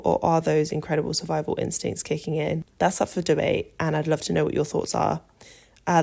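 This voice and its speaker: A woman hosting a podcast, reading a script calmly and adding her own asides. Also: low-pitched, vocal fry. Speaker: podcast host.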